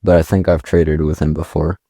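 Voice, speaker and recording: Low, mellow man doing gameplay commentary. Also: fairly quick, husky, no room sound, studio quality. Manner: rambling, thinks aloud, self-correcting; reads item text aloud in a flat reading voice. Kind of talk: casual let's-play commentary.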